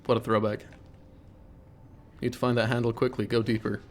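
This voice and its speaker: A man's voice: medium pitch, flat delivery, moderate pace, slight background noise. A man streaming a horror game live, cracking jokes, swearing and hamming up his reactions. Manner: jokey, swears, loud over-the-top reactions. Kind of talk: live gameplay commentary.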